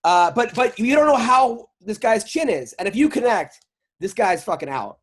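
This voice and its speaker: A man's voice: high voice, big pitch swings, normal speed, husky. A man hosting a podcast, teasing his guest in casual banter with frequent laughs and restarts. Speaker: podcast host.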